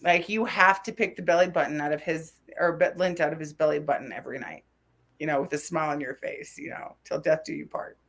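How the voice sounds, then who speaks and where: A woman in her forties from New Mexico co-hosts a casual chat show, speaking briskly in a deep voice. She tells rambling stories that keep veering off into tangents.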